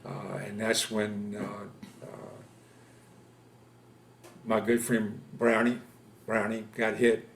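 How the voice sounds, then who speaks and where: Older man telling war memories, halting. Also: lowish voice, flat delivery, slight background noise. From Louisiana, US. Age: 70s. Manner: halting, many pauses and fillers. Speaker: veteran interviewee. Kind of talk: oral history interview. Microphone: interview camera setup.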